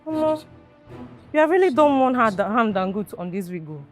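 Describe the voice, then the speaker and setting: An actress playing a brash woman with a Nigerian Pidgin accent, loudly scolding and taunting in a Nollywood film. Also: on the high side, lively intonation, a little fast, faint music behind, lightly acted. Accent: Nigerian Pidgin English. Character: brash woman chasing someone who owes her. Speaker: angry woman confronting a wig borrower.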